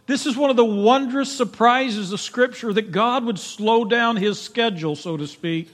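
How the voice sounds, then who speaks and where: A man preaching a sermon in a church, emphatic, swinging from loud pleading to hushed, quiet tones. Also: very high-pitched, moderate pace. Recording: long reverb of a large hall.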